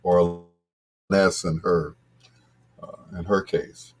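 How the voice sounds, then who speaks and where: A man hosting a radio show, telling a casual story in a rambling way, full of restarts and asides, with his voice jumping up when he gets excited. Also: sits low, slow.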